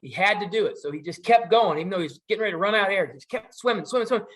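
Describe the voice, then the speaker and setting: A middle-aged man telling a traditional story in a relaxed, conversational way, with asides and fillers. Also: sits high, racing. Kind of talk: casual oral storytelling.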